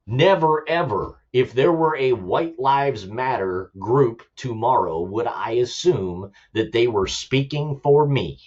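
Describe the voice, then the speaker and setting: A man's voice: medium pitch, animated, takes it slowly, hardly any pauses, darkish tone, dull audio. A man hosting his own show, ranting about politics in an impassioned, repetitive way and swearing for emphasis. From United States. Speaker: show host, army veteran.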